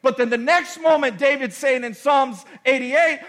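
A male pastor preaching in a church with a high, bright voice. He builds from quiet reflection into shouted, pleading prayers and keeps calling out to the congregation. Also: normal speed, hardly any pauses. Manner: preaching with rising shouts and dramatic acted-out prayers; repeats phrases for emphasis, calls out to the congregation. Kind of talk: sermon.

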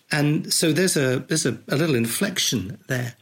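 Husky-voiced man teaching the Bible. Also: a little high, expressive. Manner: thoughtful, unhurried, explaining as he reads. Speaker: podcast host leading a Bible reflection.

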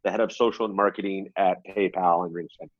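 A man's voice: low voice, steady tone, fast, no echo. A middle-aged man, a podcast guest, telling a long story in a chatty, rambling way. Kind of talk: casual storytelling in an interview. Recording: dull, dry lo-fi audio.

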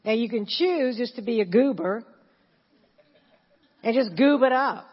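A woman in her sixties preaching a sermon as pastor, animated and laughing, repeating phrases and chanting. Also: a little high, unhurried, husky. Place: church. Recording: dull sound in a reverberant church hall.

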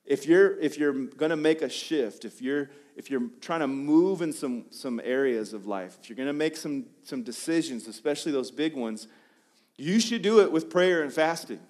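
A man preaching a sermon with a casual, conversational delivery. He talks in bursts and often restarts his phrases, his pitch swinging up and down. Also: expressive, moderate pace, darkish tone. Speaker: pastor.

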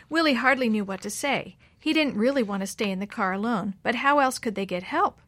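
A woman narrating a chapter book for children in a warm, expressive, slow and clear way. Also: a little high, no echo. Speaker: children's storyteller.

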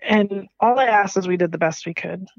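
A woman, a business owner being interviewed, telling her story in an animated way, laughing often and leaping up in pitch when she quotes herself. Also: normal speed, no room sound, lo-fi sound.

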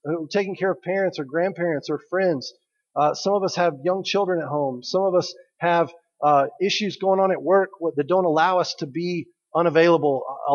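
A pastor preaching a sermon in a relaxed, conversational way. He jokes with the congregation and asks them questions. His fairly high voice carries through a dull recording with a long hall echo.

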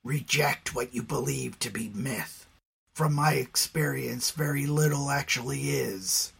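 Man whispering as a grim hushed cave leader. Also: mid-range voice, steady tone, unhurried, vocal fry, slightly rough, exaggerated voice. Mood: hushed, grave. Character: grim, secretive male cave-dweller leader.

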